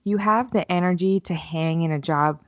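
A woman's voice: fairly low pitch, normal speed, no room sound. A mother chatting candidly on a podcast, swearing freely as she reflects on work and parenting. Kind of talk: casual chat. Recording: slightly dull lo-fi sound.

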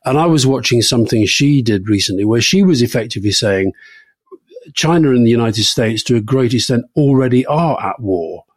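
A middle-aged man co-hosts a political talk show, spinning anecdotes with animated energy. His voice sits in an ordinary middle register. The recording is close and dry, with no room around it. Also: medium pitch, brisk, no echo. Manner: anecdotal, lively storytelling with laughs. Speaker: podcast co-host. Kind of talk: casual political chat.

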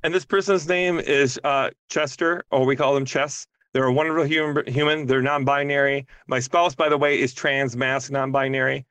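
A woman talking as a guest on a podcast, joking and animated, swearing freely in casual chat. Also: very deep voice, moderate pace, hardly any pauses, clear, resonant tone, no echo.

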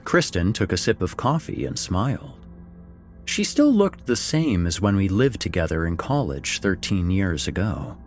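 Male narrator, low and animated, first-person fiction; faint music underneath. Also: normal speed. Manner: expressive, swings between wry and somber. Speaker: story narrator.

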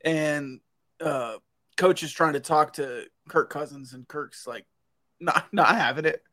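A man with a somewhat high voice joins a casual sports talk as a podcast co-host. He adds short, easygoing asides and stays relaxed. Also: takes it slowly.

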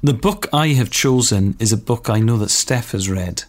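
A man's voice: medium pitch, normal speed. Enthusiastic laughing male podcast host. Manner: enthusiastic storyteller, laughs often. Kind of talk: casual chat.

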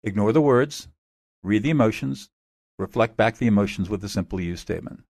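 Measured man explaining, dry sound. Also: on the low side, lively intonation, gravelly, darkish tone, dry recording. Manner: measured and instructive. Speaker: expert guest. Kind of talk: interview answers, explaining methods.

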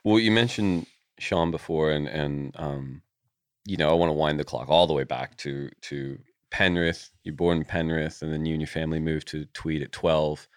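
A man's voice: very deep voice, fairly even intonation, normal speed, clear, resonant tone, no echo, clean studio sound. A male podcast host asking casual, hesitant questions with restarts. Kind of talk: casual interview.

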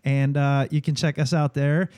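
Host: man with a higher, warm mellow voice, easygoing and friendly, dry studio sound. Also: flat delivery, moderate pace, dry recording. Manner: friendly, laughing easily. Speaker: podcast host. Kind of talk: casual interview chat.

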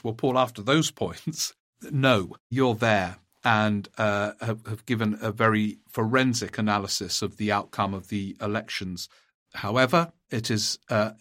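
A man hosting a podcast, giving political commentary and reading out listener emails in a measured, deliberate way with frequent pauses. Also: fairly low pitch, fairly bright tone. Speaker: podcast host.

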